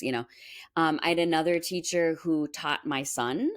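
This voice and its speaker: A music school owner from Minnesota speaks in a low voice at a moderate pace during a casual interview. She tells her stories chattily and with animation, acting out what people said.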